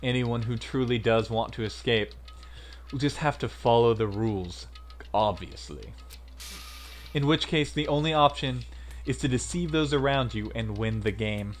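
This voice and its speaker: A man voicing a cool-headed teenage girl who reasons calmly and soberly. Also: mid-range voice, natural voice. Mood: grave. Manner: calm, measured, analytical.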